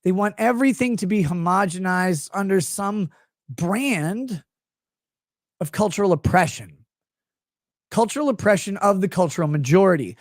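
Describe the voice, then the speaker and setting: A man's voice: high-pitched, expressive, normal speed, pauses often, no echo, studio quality. A man from the United States hosting a show, ranting about politics with sarcasm, profanity and mocking asides. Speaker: show host.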